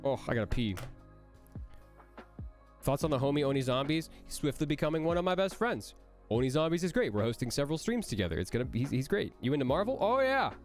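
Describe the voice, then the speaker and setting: A man, a voice actor, answering chat questions on a casual livestream in an energetic, rambling way that jumps between jokes and praise. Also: a little high, fast talker, soft background music.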